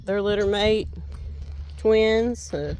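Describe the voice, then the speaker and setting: A woman's voice: medium pitch, takes it slowly, a little mellow, a little hiss or hum, poor audio. Tired, folksy woman vlogging outdoors. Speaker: homestead vlogger. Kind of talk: casual chat to camera. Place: outdoors by animal pens.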